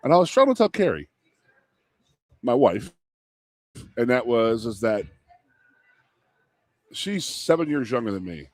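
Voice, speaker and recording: A man in his fifties, a radio co-host and former football player, telling rambling, animated sports stories in casual chat. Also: mid-range voice, measured pace, long pauses, no room sound. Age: 50s. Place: live broadcast from a restaurant.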